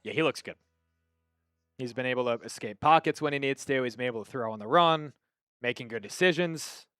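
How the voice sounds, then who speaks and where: Brisk and fairly bright, a medium-pitched Long Island host calls plays on a live football watch-party stream, chatting casually and reading viewer messages aloud. His voice is smooth. The clean studio sound has no echo, with faint music behind.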